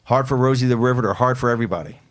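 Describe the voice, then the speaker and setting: A male talk show host haranguing his listeners in a forceful, hectoring way, often repeating himself. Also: medium pitch, rapid-fire. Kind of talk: fired-up political talk show.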